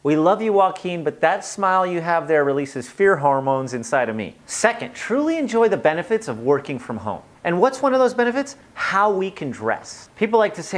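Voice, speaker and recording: An energetic host whose voice bounces all over its range while handing out light-hearted advice. The delivery is playful and jokey, the manner of a casual tips video. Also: mid-range voice, a little fast, hardly any pauses.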